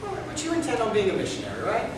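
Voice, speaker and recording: A man's voice: extremely high pitch, huge pitch swings, racing, heavily acted. A man playing earnest student Justin. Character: earnest young male history student, Justin. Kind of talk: amateur stage play. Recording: distant echoey hall with noise.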